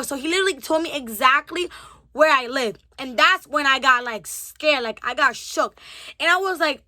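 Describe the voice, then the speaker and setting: A young woman in her twenties telling a story-time vlog in a lively way, acting out both sides of the conversation. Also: high-pitched, brisk, dry recording. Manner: animated, acts out both sides of the dialogue with a rising temper. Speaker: vlogger.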